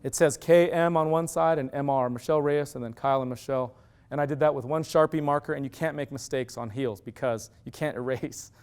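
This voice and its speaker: A middle-aged man giving an animated storytelling lecture, acting out quoted dialogue. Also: medium pitch, fairly quick, clean tone. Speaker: university lecturer.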